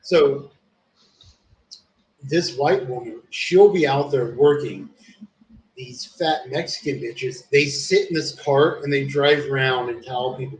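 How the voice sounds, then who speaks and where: A man in casual storytelling chat, crude and rambling, leaning on "dude" and constant swearing. His voice sits at an everyday pitch. It is heard from a little way off the mic in an echoey room with faint background noise. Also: takes it slowly. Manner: profane, rambling, says "dude" often. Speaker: streamer. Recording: roomy, distant from the mic.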